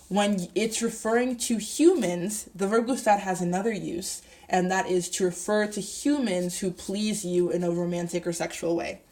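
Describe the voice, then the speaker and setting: Slow, deliberate woman teaching grammar. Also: mid-range voice, a little mellow. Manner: slow, deliberate, spelling things out while writing. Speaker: Spanish teacher. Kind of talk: whiteboard grammar lesson.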